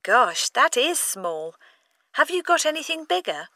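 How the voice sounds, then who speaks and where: Woman, high bright voice, inquisitive customer, textbook dialogue. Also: big pitch swings, a little slow, no echo. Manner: curious and inquisitive.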